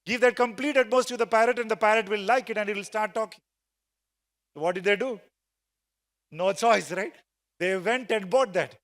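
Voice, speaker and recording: Speaking at a normal speed with long pauses, this man has a high, fairly bright voice. He's a sales trainer at a conference, telling a story in a motivational talk and prompting the audience in the large hall to respond aloud. The hall's long reverb is clearly heard.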